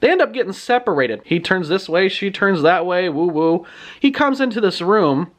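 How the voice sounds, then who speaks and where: Animated, chatty male book reviewer. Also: high voice, normal speed. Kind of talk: casual story retelling.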